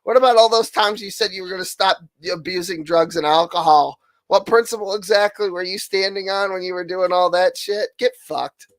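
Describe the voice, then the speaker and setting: A man's voice: sits high, fairly even intonation, a little fast, hardly any pauses, a bit bright, dry recording, low-quality recording. A young man hosting a casual podcast, sarcastic and ranting, with heavy swearing. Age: young adult. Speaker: podcast host.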